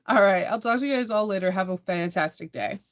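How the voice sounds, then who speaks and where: A woman, chatting casually to her viewers in a sewing vlog, laughing often and repeating words as she restarts. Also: medium pitch. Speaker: sewing and bag-making vlogger.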